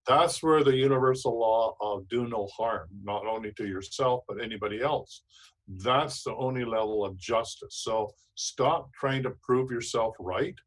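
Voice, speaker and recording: Male host, emphatic and preachy, mid-pitched, repeats himself for effect. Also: moderate pace, rough recording. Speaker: show host. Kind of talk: casual advice talk.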